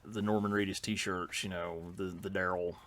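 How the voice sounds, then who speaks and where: A man's voice: deep voice, flat delivery, moderate pace, fairly bright tone. A middle-aged man, telling stories in casual podcast chat, rambling with fillers and restarts. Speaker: podcast co-host.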